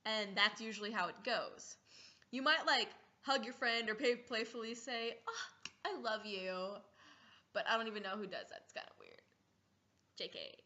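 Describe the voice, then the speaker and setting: A teenage girl talks straight to her viewers in a casual comedic vlog, with a bright, sharp voice pitched a little high. She is playful and giggly and keeps acting out little scenes. The sound is dull and lo-fi, like a home recording. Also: very animated, moderate pace. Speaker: vlogger.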